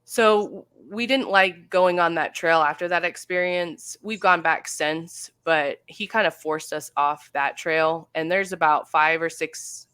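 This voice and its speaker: A woman's voice: sits low, a bit bright, clear, resonant tone, no echo. A woman in her thirties chatting casually as a guest, telling a long story with lots of "like" and "um", acting out what others said. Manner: chatty, full of fillers and acted-out quotes.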